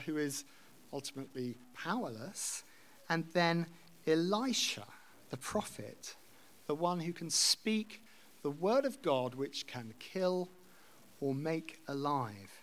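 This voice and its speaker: A man's voice: on the high side, sing-song, slow. A man preaching a sermon, reading scripture aloud and explaining it in a conversational way. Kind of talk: expository sermon.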